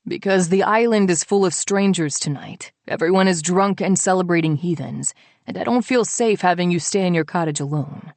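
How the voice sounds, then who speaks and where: A woman's voice: on the low side, normal speed, a little mellow, no echo, natural voice. A woman voicing a stern, possessive man who speaks curtly and with menace in an audiobook. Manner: curt, menacing. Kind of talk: audiobook character voice.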